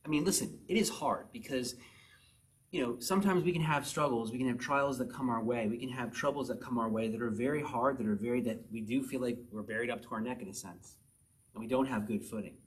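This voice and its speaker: A man teaching a verse-by-verse Bible study in an easy, conversational tone. He slows down to read each verse with weight, then relaxes into plain explanation. He keeps turning to his listeners with questions. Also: medium pitch. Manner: reads scripture slowly and emphatically, then explains it in a relaxed chatty way; asks the listeners frequent rhetorical questions.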